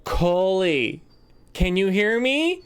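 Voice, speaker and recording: A game master voicing an excitable young noblewoman who gushes and giggles as she talks, in a tabletop game role-play. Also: mid-range voice, normal speed, pitched above the performer's own voice, natural voice. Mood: excited. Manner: breathless, giggly, gushing.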